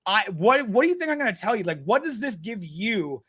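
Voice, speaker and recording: A man's voice: high voice, big pitch swings, brisk, a bit bright, breathy edge. A young man telling stories in a casual podcast chat, blunt and full of swearing. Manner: blunt, profane storytelling. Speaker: guest.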